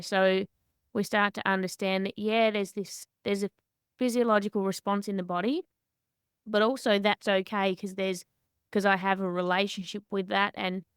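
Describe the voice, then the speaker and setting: A woman hosting a podcast, telling candid stories in an animated way. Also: mid-range voice, clean tone, dry recording, clean studio sound. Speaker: podcast host and boxer. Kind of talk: conversational interview.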